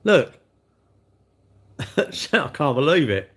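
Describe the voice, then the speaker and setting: A man's voice: fairly high pitch, very animated, drawn-out words. A man, chatting cheekily and rambling to his livestream viewers while eating cake with his mouth full.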